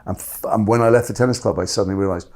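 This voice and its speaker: A man telling candid stories about his acting work in a fast, animated, self-interrupting way. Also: lowish voice. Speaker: actor guest. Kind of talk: candid conversational storytelling.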